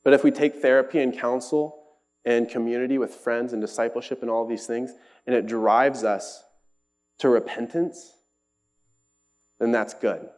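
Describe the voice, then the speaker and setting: A young man delivers a sermon in a loose, conversational tone, earnest throughout. His voice sits in a middle pitch. He slips into quoted voices as he retells the story. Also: steady tone, normal speed, pauses often, a little mellow. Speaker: preacher.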